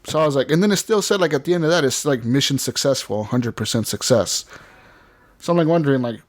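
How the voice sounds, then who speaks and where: A man's voice: mid-range voice, expressive, fast talker, dry recording, studio quality. Rambling man chatting about games. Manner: rambling, laughing, acts out game lines. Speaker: podcast co-host. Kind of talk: casual gaming chat.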